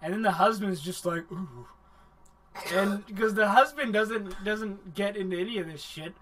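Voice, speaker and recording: A man hosting a livestream anime review, recapping the plot in a rambling, profane, animated way. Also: high voice, moderate pace.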